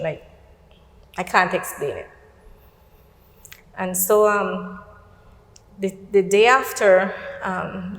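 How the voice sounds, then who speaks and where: This talk show guest, a middle-aged woman with a Belizean accent and a lowish voice, earnestly recounts her personal faith journey by quoting conversations. Her voice carries the roomy sound of a large hall.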